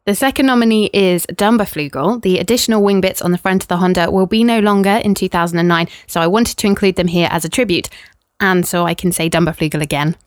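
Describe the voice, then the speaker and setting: Woman host, dry deadpan awards read, close and dry sound. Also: lowish voice, fast talker, dry recording. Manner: dry, deadpan reading with bursts of laughter. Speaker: podcast co-host presenting awards. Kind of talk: scripted comic awards segment.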